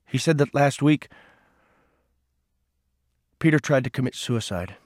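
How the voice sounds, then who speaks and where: A man's voice: mid-range voice, animated, a little slow, no room sound, studio quality, close to an everyday voice. A man voicing a stern older man who speaks bluntly and with reproach.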